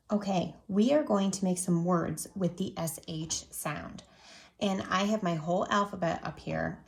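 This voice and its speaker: A woman's voice: mid-range voice, vocal fry, reverberant. A woman teaching a phonics lesson to young children, patiently stretching out each word. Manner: slow, patient, drawn-out sounding of words.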